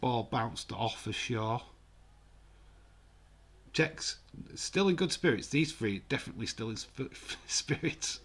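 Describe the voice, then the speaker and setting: A man giving casual, excitable live football commentary and reading out viewer comments. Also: medium pitch, takes it slowly. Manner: chatty, excitable, reads viewer comments aloud. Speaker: host of a live football watch-along.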